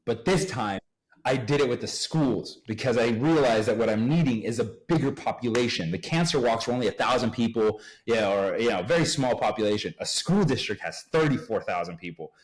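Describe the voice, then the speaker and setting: A man from Uruguay, a podcast guest, telling his business story in a casual, animated way and acting out the people he quotes. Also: medium pitch, fairly quick, poor audio.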